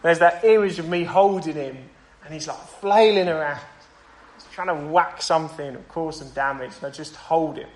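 Earnest pastor preaching. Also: male voice, on the high side, rough recording. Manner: earnest, conversational preaching with pauses and restarts. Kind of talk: sermon. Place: church.

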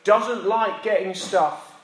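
A man's voice: sits high, takes it slowly. A man preaching a sermon in a chatty, self-deprecating way that builds to emphatic repetition, recorded in a church. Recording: roomy echo.

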